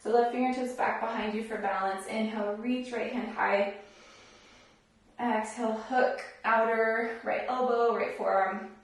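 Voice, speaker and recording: A woman yoga instructor guiding a class, giving calm, encouraging cues paced with the breath. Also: on the high side, a little slow, far from the mic. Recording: very echoey room, voice from off the mic.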